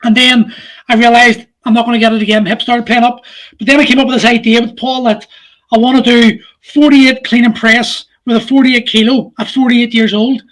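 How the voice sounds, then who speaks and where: Brief: male podcast host, forties, unusually high voice, candid and sweary, laughs a lot. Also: level tone, fairly quick, a bit bright. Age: 40s. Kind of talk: casual chat.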